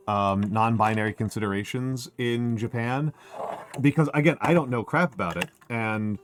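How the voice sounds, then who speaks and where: A man livestreaming a casual chat, rambling and wry, who restarts his sentences and says he is short on sleep. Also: mid-range voice. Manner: rambling and self-interrupting, with many fillers and restarts; wry and joking. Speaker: streamer.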